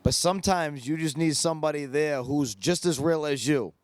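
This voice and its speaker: Brief: man in a bar, high-ish crisp voice, dry close sound, dramatic and preachy. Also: normal speed, no echo. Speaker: reality show contestant. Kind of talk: casual interview.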